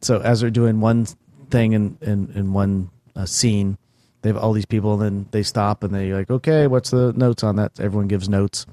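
A man with a lowish voice, talking casually into a close mic in a dry room. He rambles through stories and keeps restarting his sentences with "uh" and "you know." The tone is easygoing and conversational. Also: little pitch movement, moderate pace, warm tone, dry recording. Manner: rambling storyteller with many fillers and restarts. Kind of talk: casual chat.

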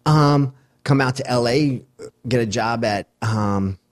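A man's voice: medium pitch, slow. A man in casual chat, telling a rambling story and laughing easily.

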